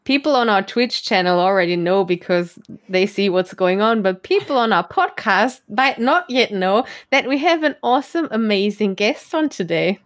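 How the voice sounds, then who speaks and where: A woman's voice: mid-range voice, lively intonation, normal speed. A woman who is not a native English speaker, hosting a podcast in a bubbly, giggly, self-teasing casual chat. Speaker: podcast host.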